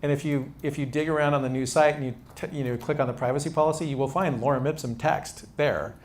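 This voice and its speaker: A man's voice: fairly high pitch, fairly even intonation, quick pace. A man mentoring startup founders in a casual, conversational talk to a live audience, with frequent restarts.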